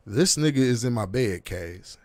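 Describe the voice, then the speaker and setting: A man in his thirties telling a long story in casual chat, with animated delivery and heavy street slang, acting out what people said. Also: mid-range voice, moderate pace, no room sound. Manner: animated, profane street slang, acts out quotes. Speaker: podcast host.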